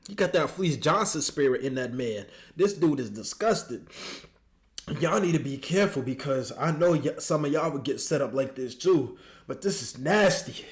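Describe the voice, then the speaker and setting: Guy roasting a clip he's watching, loud and mocking, voice all over the place. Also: moderate pace. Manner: animated, mocking, jumps into high squeals. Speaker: reaction commentator. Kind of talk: comedic reaction commentary.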